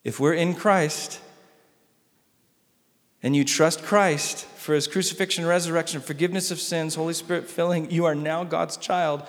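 Male pastor, sermon delivery, slightly high voice, big dynamic swings, lingering room reverb. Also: steady tone, normal speed. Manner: dramatic swings between loud emphasis and soft hushed lines.

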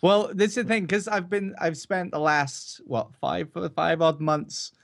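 Male streamer, relaxed, rambling, joking, casual chat. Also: sits high, unhurried, vocal fry.

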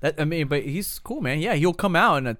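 A man's voice: on the high side, animated, brisk, fairly bright tone, no room sound, studio quality. A man in casual chat, joking and bantering with stories and laughs.

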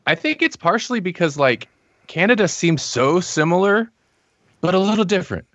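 A man's voice: high voice, very animated, normal speed, a bit bright, dry recording. A man from the United States talking in a casual chat, hesitant and careful in his words. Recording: slightly muffled audio.

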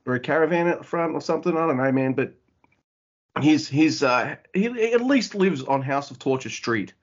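A man co-hosting a podcast, chatting casually in an animated way, swearing and acting out quotes. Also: a little high, normal speed. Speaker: podcast co-host. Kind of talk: casual chat. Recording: dull lo-fi audio.

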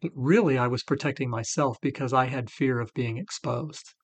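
Middle-aged man, mid-pitched, earnest, faith-based recovery co-host. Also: moderate pace, husky. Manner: earnest testimony.

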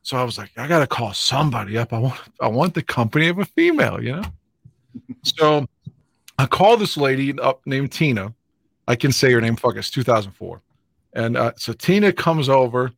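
A man's voice: medium pitch, gravelly, fairly bright tone, no room sound. A middle-aged man hosting a podcast, telling blunt, profane, self-mocking stories in casual chat. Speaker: podcast host. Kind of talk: casual storytelling.

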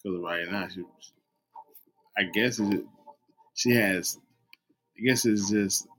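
Guy giving advice on a chat show, keeps restarting his sentences, earnest, slightly low voice. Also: fairly bright tone. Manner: halting, restarts a lot, earnest. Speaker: podcast co-host.

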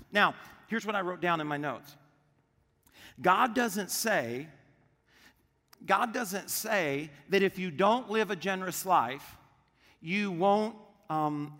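A man's voice: high-pitched, pushed and bright, big-room sound. A man preaching a sermon as pastor, asking the congregation questions and answering them with emphasis. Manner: emphatic call-and-response preaching.

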